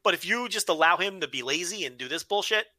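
A man's voice: sits high, expressive, quick pace, bright, forceful tone, no room sound. A man co-hosting a wrestling podcast, giving blunt, profane opinions in casual chat with frequent restarts. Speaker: podcast co-host.

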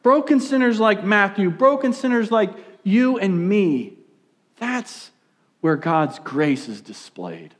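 Male pastor, young adult, sermon delivery, animated, loud emphasis dropping to hushed asides, voice sits a bit high. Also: slow pace.

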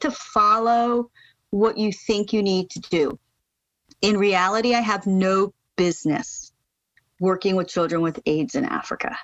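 A middle-aged American woman speaking as a podcast guest, lively and emphatic in her storytelling. Her voice jumps up sharply when she gets passionate. The sound is dry and a little muffled, like a remote call. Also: unhurried, no room sound. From United States. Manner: lively, rises sharply in pitch when fired up. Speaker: podcast guest, charity founder. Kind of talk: casual interview storytelling.

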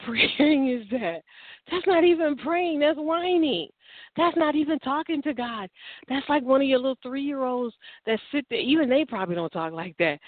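A woman's voice: a little high, no room sound. A woman preaching a sermon in a fervent, exhorting manner, firing off rhetorical questions. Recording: tinny phone-like line, dry.

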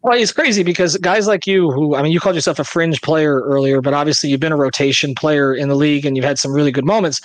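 A man's voice: fairly high pitch, steady tone, fast talker, few pauses, no room sound. A man hosting a casual podcast interview, asking long, rambling questions with stammering restarts. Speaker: podcast host.

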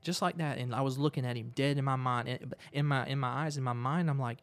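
A man, a guest on a conversational show, telling a personal story in a lively way and often repeating words as he goes. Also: medium pitch, quick pace, few pauses, clear, resonant tone.

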